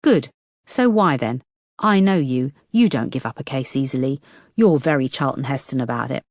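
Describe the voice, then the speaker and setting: A woman's voice: rumbling low, expressive, normal speed, darkish tone, dry recording, studio quality, exaggerated voice. A woman narrator voicing a blunt, wisecracking female detective who talks frankly and teases her boss. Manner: frank, teasing.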